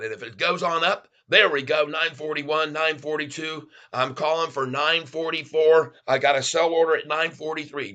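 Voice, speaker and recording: A man hosting a live day-trading stream, excitedly calling out prices, placing orders and greeting viewers as "folks.". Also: fairly high pitch. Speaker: stock trading livestream host.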